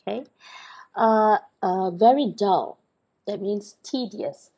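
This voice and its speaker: Husky-voiced woman teaching vocabulary. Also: mid-range voice, takes it slowly, dark tone, dull audio. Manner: explains patiently with many fillers and checks like "okay?" and "right?". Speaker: English teacher. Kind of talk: recorded vocabulary lesson.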